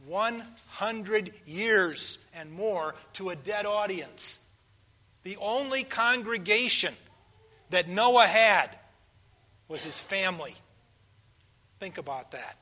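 A man in his sixties preaching a sermon, asking the congregation questions and swinging between hushed pauses and loud emphasis. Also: high-pitched, lively intonation.

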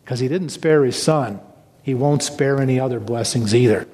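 A man's voice: mid-range voice, normal speed, darkish tone, husky, long reverb tail. A man preaching a sermon as pastor, in an earnest, questioning delivery.

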